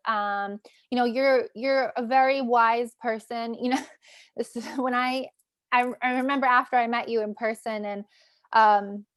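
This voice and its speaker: A woman's voice: fairly high pitch, no room sound. A woman hosting a podcast in casual interview chat, friendly and affirming, laughing easily. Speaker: podcast host.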